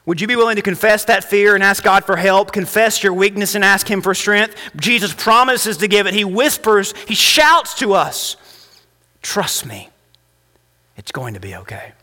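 A male pastor preaching a sermon and leading a prayer, impassioned, rising to emphatic peaks and dropping soft. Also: high voice, normal speed, few pauses. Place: church sanctuary. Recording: long reverb of a church hall.

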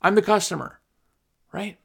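A man's voice: high voice, moderate pace, vocal fry, husky. A man giving casual, rambling business advice, repeating himself and acting out his customers. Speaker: cleaning business coach. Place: recording on his phone.

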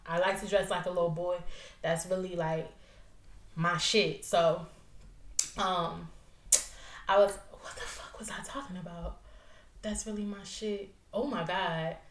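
A young woman hosts her own podcast solo, chatting casually in a loose, profane, rambling style and laughing often. Her voice is on the low side, with a steady tone and an unhurried pace broken by frequent pauses. The recording has a roomy echo.

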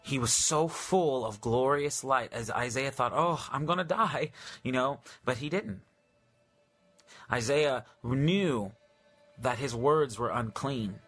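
Faint music sits behind a man preaching a live-streamed sermon in a medium-pitched, animated, slightly bright voice with a breathy edge. He reads scripture fervently, drawing it out and repeating phrases often.

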